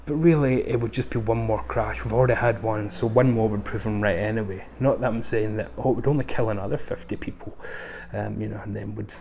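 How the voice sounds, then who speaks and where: Mellow, low-voiced man reviewing films. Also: gravelly, a little hiss or hum. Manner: rambling, frequent ums and restarts, chatty asides. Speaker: film reviewer, channel host. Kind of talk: casual spoken film review.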